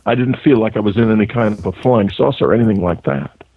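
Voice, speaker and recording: A male author, a guest on a radio show, recounting events in a halting way, searching for words. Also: fairly low pitch, husky, no echo. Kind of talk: phone interview, personal recollection. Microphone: telephone. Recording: tinny phone line.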